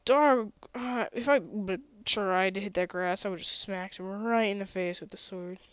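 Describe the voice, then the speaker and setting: A woman's voice: medium pitch, measured pace, clear, resonant tone, no room sound, dull audio. A woman streaming a game with a sore throat, chatty and often gasping and exclaiming. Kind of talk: casual gaming commentary.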